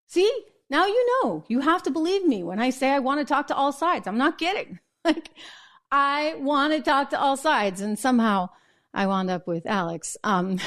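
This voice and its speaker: Brief: middle-aged woman host, casual political commentary to camera, chatty, wry, laughs easily, medium pitch. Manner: chatty, sarcastic, laughs often.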